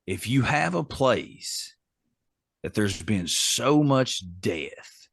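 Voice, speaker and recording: A man's voice: medium pitch, big pitch swings, drawn-out words, vocal fry, husky, no room sound, clean studio sound. A man co-hosting a casual podcast chat, reading facts aloud in a chatty, amused way. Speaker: podcast co-host.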